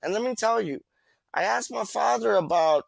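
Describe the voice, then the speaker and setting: A man's voice: high voice, expressive, moderate pace, creaky, dry recording. A man hosting a livestream in casual chat, rambling and repeating himself with lots of street slang. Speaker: livestream host.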